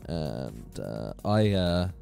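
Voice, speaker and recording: Animated man chatting on a game stream. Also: a bass voice, extremely slow, creaky, faint music behind. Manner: animated, chatty, laughs often. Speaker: live-stream host. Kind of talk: casual gaming live-stream chat. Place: home computer room.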